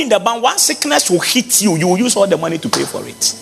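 Ghanaian male pastor, sermon; high, husky, swooping delivery that bursts into shouts, in a long-reverb hall with faint music. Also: very animated, fast talker, hardly any pauses. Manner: impassioned preaching, breaking into shouts and sing-song.

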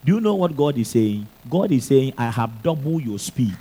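A Ghanaian man in his thirties, a pastor preaching an animated sermon. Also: mid-range voice, normal speed, few pauses, a little hiss or hum. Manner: animated preaching mixing English and Twi.

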